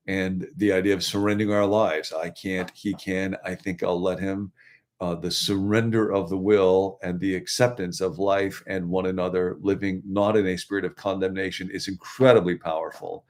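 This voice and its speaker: A middle-aged man, a pastor, co-hosting a livestreamed devotional talk and teaching in a conversational way with asides to viewers. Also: deep voice. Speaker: pastor and co-host.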